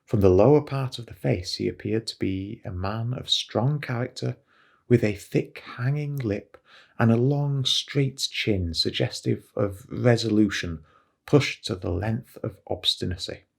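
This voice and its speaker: A man, an English teacher, slowly reading a story aloud for learners and stopping to point out new words. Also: fairly low pitch, gravelly, breathy edge. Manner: slow, careful reading with vocabulary asides.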